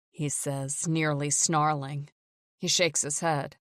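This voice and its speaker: A woman narrating a first-person thriller audiobook in a tense, measured way, close to the mic. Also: sits low, steady tone, no echo.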